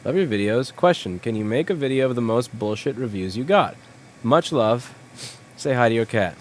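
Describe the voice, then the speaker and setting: A man's voice: mid-range voice, lively intonation, moderate pace, slight background noise. A young man hosting a casual livestream, answering viewers' questions in a blunt, rambling, profane way. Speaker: livestream host, repair shop owner.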